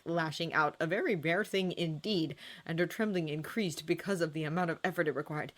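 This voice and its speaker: A woman narrating fan fiction as an expressive, dramatic audiobook reading. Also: sits low, moderate pace, few pauses. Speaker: fanfiction reader.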